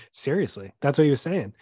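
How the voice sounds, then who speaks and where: A man's voice: mid-range voice, big pitch swings, moderate pace, dark tone, breathy edge, no echo, studio quality. A man co-hosting a podcast, in laid-back, joking casual chat. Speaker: podcast co-host.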